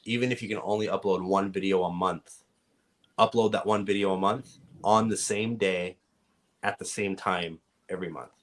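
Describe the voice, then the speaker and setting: Deep-voiced Californian man explaining. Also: moderate pace. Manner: relaxed, explanatory, giving advice at length. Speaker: guest. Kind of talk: casual interview chat.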